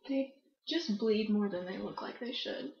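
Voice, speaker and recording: A woman's voice: mid-range voice, expressive, unhurried, creaky, a little mellow. A young woman telling a story in a casual interview, chatty and laughing often, with plenty of fillers. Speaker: guest. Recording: roomy, muffled recording.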